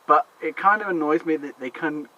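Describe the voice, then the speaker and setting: Rambling man, bright voice. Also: fairly high pitch, fairly quick, dull audio. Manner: rambling, swearing, laughs often. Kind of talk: casual chat. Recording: faint background noise.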